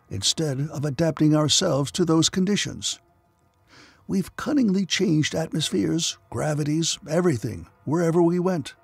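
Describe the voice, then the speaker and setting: A man's voice: fairly high pitch, vocal fry, breathy edge, dry recording, voice pushed up, full character voice. A man voicing a sober, thoughtful male psychotherapist from another star.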